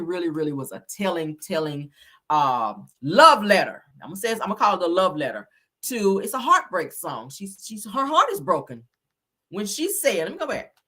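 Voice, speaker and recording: A woman's voice: low voice, sharp tone, slightly rough. A woman host giving casual commentary, reading song lyrics aloud and adding slangy asides.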